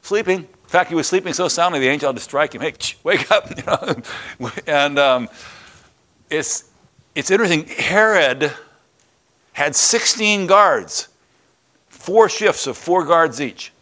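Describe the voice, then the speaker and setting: A man's voice: on the high side, measured pace, pauses often. An older man preaching a sermon, retelling a Bible story and a personal anecdote, acting out the quoted voices with chuckles. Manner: lively, acts out the scenes with quoted voices and chuckles. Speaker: pastor.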